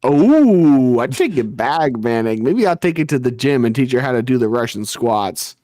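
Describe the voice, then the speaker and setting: A man's voice: mid-range voice, fairly quick, darkish tone, no echo, studio quality. A man guesting on a podcast in casual chat, blunt and crude, teasing the host.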